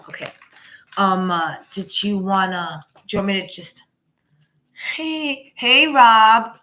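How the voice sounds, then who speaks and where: Lady reading tarot cards live, bright sharp voice, keeps restarting her sentences. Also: medium pitch, unhurried, a little hiss or hum. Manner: rambling, with many restarts and repeated "you know"; emphatic and encouraging. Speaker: tarot reader.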